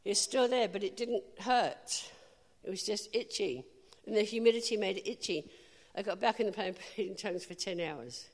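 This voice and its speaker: A woman preaching a sermon, telling a personal story with lively, animated delivery and bursts of laughter. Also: medium pitch, moderate pace, few pauses, long reverb tail.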